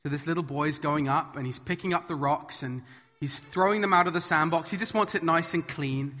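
In a church hall with long, lingering reverb, a man preaches a children's message at a fairly quick pace. His voice is a little high, bright, and forceful, and he earnestly, emphatically builds each point through repetition.

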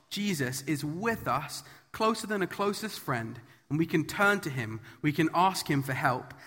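A sharp-toned man with a voice on the high side preaches a children's message. His delivery is earnest and emphatic, growing through repeated points, captured with the long reverb of a big church hall.

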